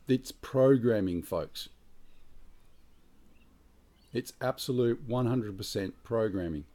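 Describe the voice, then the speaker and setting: A man's voice: medium pitch, warm tone. An Australian man giving blunt, emphatic prepping advice outdoors in a casual monologue, swearing freely. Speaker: prepping vlogger. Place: outdoors near trees.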